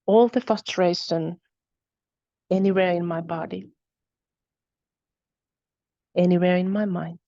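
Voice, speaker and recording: A woman hosting a webinar, guiding a tapping exercise with calm, repetitive phrases to repeat after her. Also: fairly low pitch, slow pace, long pauses, no room sound, muffled recording. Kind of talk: guided repeat-after-me instruction.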